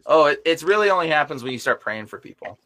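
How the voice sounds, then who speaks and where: A young man chatting casually on a podcast as a deliverance minister, telling animated stories full of filler words. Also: on the high side, fast talker. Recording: noisy live recording with clicks.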